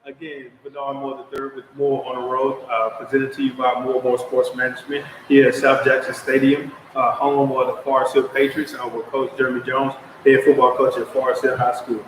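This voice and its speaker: A man hosting an interview at a stadium, speaking haltingly and restarting phrases. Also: medium pitch, flat delivery, slight background noise. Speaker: show host. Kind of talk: casual interview. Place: outdoors at a stadium. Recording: echoey, distant outdoor mic with faint ambience.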